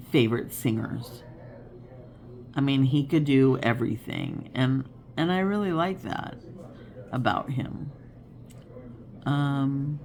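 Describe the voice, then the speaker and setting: A woman in her fifties hosting a casual crafting chat, rambling and chatty and laughing often. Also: a bass voice. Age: 50s. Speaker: crafting channel host.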